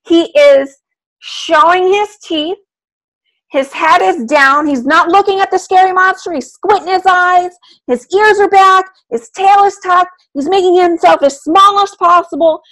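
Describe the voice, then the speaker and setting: Woman dog trainer, high and bright, lively online teacher. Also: measured pace, poor audio. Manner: animated, talks through a video, asks the class questions. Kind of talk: live online lesson talking over video. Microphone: video call.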